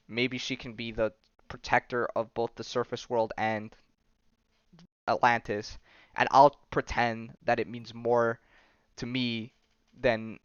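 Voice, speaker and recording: Guy hosting a stream podcast, lots of um and like, smooth voice, kinda dull lo-fi mic. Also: mid-range voice, fairly bright tone, dry recording. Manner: rambling, many fillers and restarts. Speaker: podcast host. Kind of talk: casual chat recapping comics.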